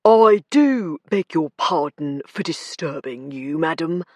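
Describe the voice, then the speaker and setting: A woman's voice: deep voice, expressive, takes it slowly, darkish tone, no echo, clean studio sound, full character voice. A woman voicing a big male detective sergeant with a polite, aristocratic manner. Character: Tom, a large, smooth-talking detective sergeant.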